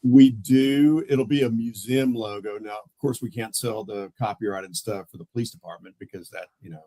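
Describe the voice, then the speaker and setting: A man's voice: lowish voice, normal speed, no echo, poor audio. A man, a police lieutenant telling stories in a casual interview and acting out the voices of the people in them. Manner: animated, acts out the voices in his stories. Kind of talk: casual storytelling in a podcast interview.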